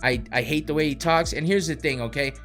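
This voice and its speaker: A man's voice: a little high, quick pace, a bit bright, faint music behind. A man hosting a podcast, ranting in a heated, profane way. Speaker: podcast host. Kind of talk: casual podcast rant.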